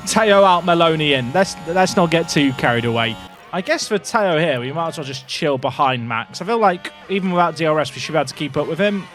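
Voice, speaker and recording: Lively high-voiced young man. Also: brisk, soft background music. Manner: excitable, jokey, talks to chat, yells at drivers. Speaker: gaming video creator. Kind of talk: casual gameplay commentary.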